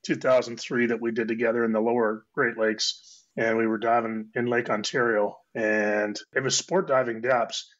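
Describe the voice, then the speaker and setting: A man with a cold, hoarse and chatting casually as a guest on a diving round table, rambling and restarting his phrases. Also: medium pitch, flat delivery, moderate pace, fairly bright tone. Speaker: guest technical diver. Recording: dull lo-fi audio.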